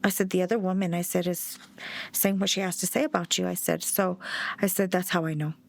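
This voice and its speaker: A woman's voice: on the low side, level tone, brisk, creaky. Blunt middle-aged woman, grieving mother. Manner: blunt and outspoken. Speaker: bereaved mother. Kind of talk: documentary interview storytelling.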